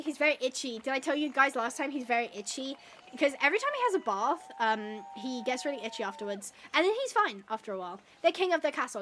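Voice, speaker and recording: A woman's voice: on the high side, animated, quick pace, a bit bright, slight background noise. A woman hosting a gaming livestream from home, chatting casually and bubbly with her viewers as she reads the chat. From United Kingdom.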